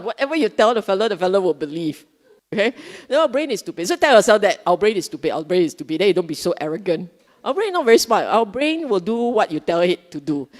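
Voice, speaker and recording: Middle-aged Singaporean woman, animated and playful Buddhist speaker with a very lively pitch, heard in a reverberant hall. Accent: Singaporean English. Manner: animated, joking, colloquial, repeats phrases for emphasis. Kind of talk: casual Dhamma talk.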